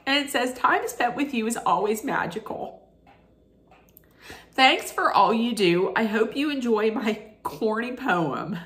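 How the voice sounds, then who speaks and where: A woman's voice: fairly high pitch, big pitch swings, unhurried, fairly bright tone. A woman filming a casual unboxing vlog, gushing and sentimental, rambling with restarts while she gets teary. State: tearful. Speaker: vlogger.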